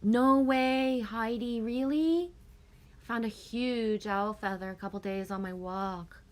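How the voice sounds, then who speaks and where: A woman's voice: fairly high pitch, steady tone, slow pace. A woman hosting a casual live stream, chatting with viewers, reading their comments aloud and laughing often.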